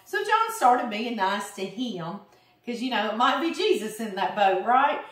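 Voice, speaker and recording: A middle-aged cooking channel host with a Southern US Louisiana accent tells a long, sarcastic family fishing story in a chatty, animated voice that's on the high side and a little slow. She's in a roomy home kitchen with the mic at a distance, and chopping and kitchen clicks sound in the background.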